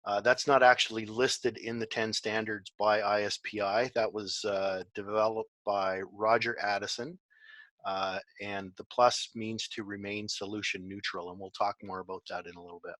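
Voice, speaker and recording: A man presenting a webinar in a relaxed way, with many fillers. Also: fairly low pitch, moderate pace, dry recording. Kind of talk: online presentation.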